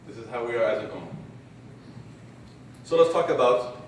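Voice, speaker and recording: A man's voice: mid-range voice, normal speed, slight background noise. Man preaching in an echoey hall. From Canada. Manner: lively storyteller acting out examples. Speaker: conference speaker. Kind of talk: religious lecture. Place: large conference hall. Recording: echoey hall, distant mic, faint ambience.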